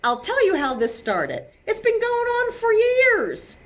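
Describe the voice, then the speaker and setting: Woman reading as a fed-up storybook koala, indignant and complaining, high and swooping. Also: huge pitch swings, measured pace, slight background noise, full character voice. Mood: grumbling. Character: grumpy fed-up male koala.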